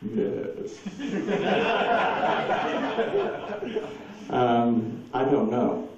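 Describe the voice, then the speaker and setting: A man's voice: mid-range voice, wildly swooping pitch, extremely slow, recorded from a distance, heavy background noise. A man telling anecdotes at a presentation and taking audience questions, rambling and chuckling often as he acts out quoted voices. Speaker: speaker at a presentation. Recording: dull echoey hall recording from afar.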